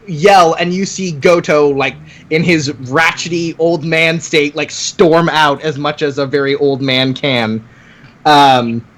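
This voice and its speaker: A man's voice: on the high side, steady tone, slow pace, a bit bright. A man narrating as game master of a tabletop game, rambling and full of "like"s and restarts.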